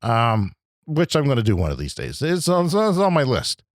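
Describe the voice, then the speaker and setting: A man hosting a podcast, delivering an agitated, profane comedic rant that swings between loud outbursts and low muttering. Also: huge pitch swings, normal speed, no echo, studio quality. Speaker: podcast host. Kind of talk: ranting comedic monologue.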